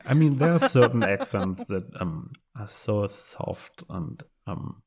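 A man's voice: lowish voice, expressive, slow pace, darkish tone, breathy edge. A man with a German accent, a non-native English speaker, talking hesitantly in a casual interview as a guest writer. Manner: hesitant, many fillers and restarts.

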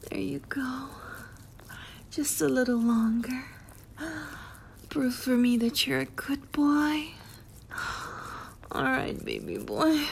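Slow, teasing woman in whispered role-play. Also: high voice, vocal fry, a little mellow, a little hiss or hum. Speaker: audio role-play performer.

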